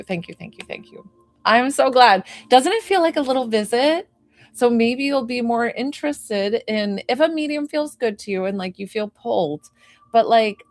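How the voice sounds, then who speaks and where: A young woman working as a psychic medium, chatting to viewers on a live stream in a gushing, bubbly way, full of "like" and excited squeals. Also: medium pitch. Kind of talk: live-stream reading and chat.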